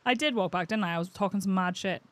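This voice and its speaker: A young woman streaming a video game live, chatting and swearing with excitable, laughing reactions. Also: medium pitch, fast, dry recording. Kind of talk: live gameplay commentary.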